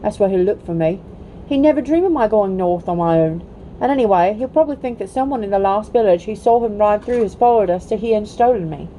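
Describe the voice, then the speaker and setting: A woman's voice: mid-range voice, lively intonation, brisk, mellow, slight background noise, natural voice, rough recording. A woman voicing a proud, scornful male talking war horse in a storybook read-aloud, with bossy, clipped speech. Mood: calm, knowing.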